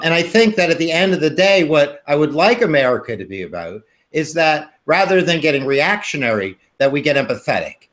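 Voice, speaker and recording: Measured man in panel debate. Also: a little high, fairly bright tone. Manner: measured, reflective, uses "um". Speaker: panelist in a discussion. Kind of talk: casual debate chat.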